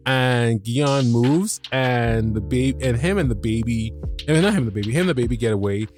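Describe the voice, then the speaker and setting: A man hosting a podcast, recapping an episode in a casual, excitable way, swearing freely and restarting his sentences. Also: mid-range voice, moderate pace, soft background music. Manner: animated, swears freely, many restarts and fillers. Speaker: podcast host.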